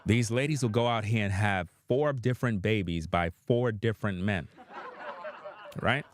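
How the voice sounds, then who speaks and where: A man with a lowish voice gives opinionated reaction commentary at normal speed, with slight background noise behind him. He's blunt, profane, and preachy, and he addresses his viewers as "guys."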